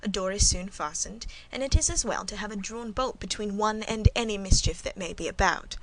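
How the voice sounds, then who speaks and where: A woman voicing a composed, guarded middle-aged servant woman in an audiobook, speaking in a cool, measured, demure way. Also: medium pitch, natural voice, low-quality recording. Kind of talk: audiobook reading.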